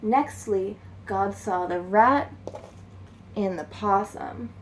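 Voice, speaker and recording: A woman's voice: medium pitch, slow, slight background noise. A woman telling a folktale in a plain, homespun way for a storytelling class. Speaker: student storyteller.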